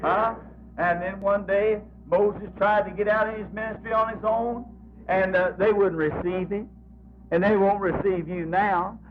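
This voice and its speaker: A man delivering a revival sermon in a high, unhurried voice, fervent and folksy, circling back to phrases in a rolling cadence. The recording is muffled and lo-fi, with faint music underneath. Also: steady tone. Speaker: preacher.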